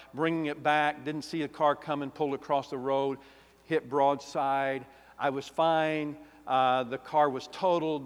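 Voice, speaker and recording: A man, a pastor giving an emotional personal testimony, swinging between loud and hushed. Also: on the high side. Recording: long reverb of a large hall.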